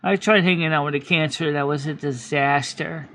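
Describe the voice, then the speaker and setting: Man, fairly high voice, gravelly edge, rambling casual stream chat. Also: fairly even intonation, moderate pace, sharp tone, no echo. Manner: rambling, with many restarts and self-corrections. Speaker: live stream host.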